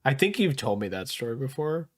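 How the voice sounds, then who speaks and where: A man's voice: mid-range voice, big pitch swings, a little fast. A young man co-hosting a podcast, reacting to stories with short remarks among friends. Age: young adult. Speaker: podcast co-host. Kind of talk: casual chat.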